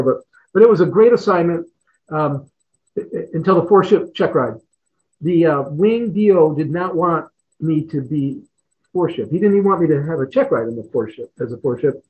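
A middle-aged man telling stories as an interview guest, rambling, repeating words and chuckling often. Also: fairly high pitch. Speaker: guest, retired fighter pilot. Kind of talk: casual storytelling in an interview. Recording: tinny phone-like line.

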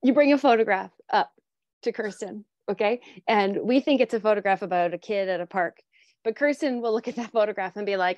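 A woman's voice: medium pitch, fairly quick, a little mellow, no room sound, dull audio. A woman photography mentor chatting casually, spinning a playful, imaginative story. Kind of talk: casual panel chat.

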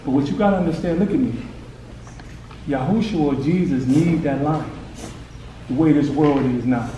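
A man's voice: on the high side, moderate pace, warm tone. A man coaching a boy in a hands-on faith session, urgent and encouraging, pushing him on with short commands. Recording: echoey room, distant mic, noisy.

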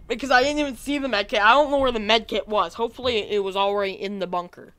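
A woman with a raspy, hoarse voice from being sick, giving chatty let's-play commentary, thinking aloud and bursting into excited cheers. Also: mid-range voice, fairly quick, soft background music. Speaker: gaming video creator.

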